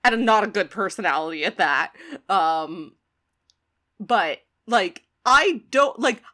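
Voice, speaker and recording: A woman's voice: medium pitch, lively intonation, takes it slowly, sharp tone. A woman co-hosting a podcast, chatting casually and ranting with swearing and frequent laughter. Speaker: podcast co-host.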